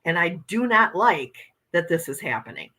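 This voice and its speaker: A woman's voice: fairly low pitch, very animated, normal speed, bright, forceful tone, low-quality recording. A woman hosting a casual morning livestream, chatting with viewers and reading their comments aloud as she shows oracle card decks.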